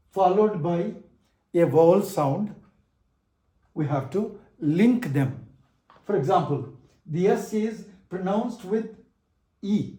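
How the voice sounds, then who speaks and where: A man with a fairly high, mellow voice teaches French pronunciation at a very unhurried pace. He models each word with deliberate care, and the voice rings in an echoey room. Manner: slow, deliberate, repeats model words. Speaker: language teacher.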